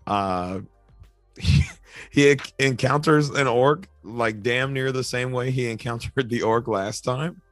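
A man's voice: mid-range voice, takes it slowly, no echo, faint music behind. Easygoing man on a dry podcast mic. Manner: easygoing, hesitant fillers. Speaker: podcast co-host. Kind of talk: casual chat.

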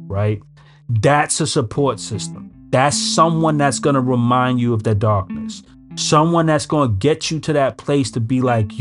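With a medium-pitched voice at normal speed, a recovery speaker offers blunt, emphatic advice in casual street slang. It's a casual motivational talk with guitar music playing in the background.

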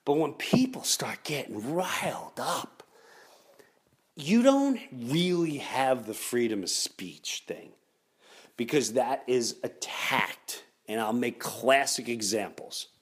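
In a slow, expressive mid-range voice with a breathy edge, a middle-aged podcast host launches into a comedic rant. He keeps it animated, imitating others by raising his voice.

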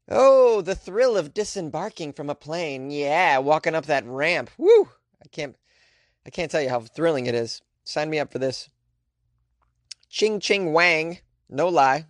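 A man's voice: mid-range voice, dry recording, clean studio sound. An American man hosting a weird news segment, reading stories and mocking them sarcastically, often laughing. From United States. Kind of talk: sarcastic comedic news commentary.

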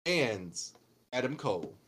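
A man's voice: medium pitch, very animated, unhurried, fairly bright tone, a little hiss or hum. A young man chatting casually about wrestling, rambling and swearing, with many restarts and fillers. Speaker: podcast co-host. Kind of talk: casual wrestling recap chat.

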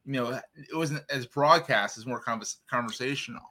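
A man hosting a podcast interview, chatty and quick to affirm and joke. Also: medium pitch, bright, forceful tone. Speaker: podcast host. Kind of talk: casual interview.

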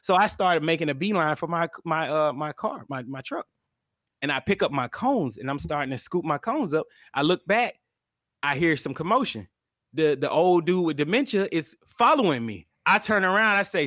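A young man co-hosting a podcast, telling a heated story in casual, profane chat and loudly acting out what people said. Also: a little high, moderate pace, dry recording, studio quality. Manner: animated, profane, acts out quotes loudly. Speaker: podcast co-host.

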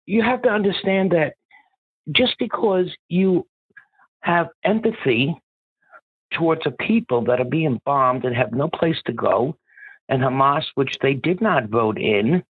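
A man's voice: mid-range voice, normal speed, slightly rough, no echo. Impassioned man ranting over a phone line. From Ireland. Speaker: caller. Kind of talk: phoned-in political rant.

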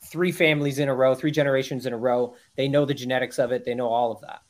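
A man's voice: medium pitch, steady tone, fast talker. A man talking earnestly and emphatically as a guest on a podcast interview, with frequent restarts.

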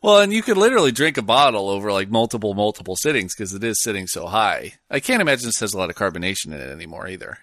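A man's voice: lowish voice, very animated, rapid-fire, few pauses, a bit bright, dry recording, studio quality. A man co-hosting a casual chat, wry and reading news snippets aloud.

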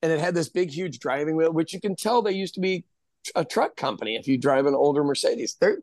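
Man, working chef, casual podcast storyteller; a bit high-pitched, frank, swears easily. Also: animated, a little fast, darkish tone, dry recording. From Kansas City area, USA. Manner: candid, self-deprecating, swears casually.

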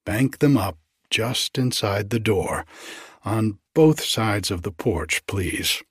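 A man reading aloud, voicing a calm, indulgent upper-class mother in a story. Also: lowish voice, slow pace, husky, no room sound, studio quality, exaggerated voice. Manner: calm, gently amused.

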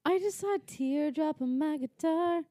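A woman's voice: sits high, normal speed, warm tone, no echo, studio quality. A young woman co-hosting a podcast, tipsy, teasing and consoling her friend. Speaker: podcast co-host. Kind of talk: casual chat.

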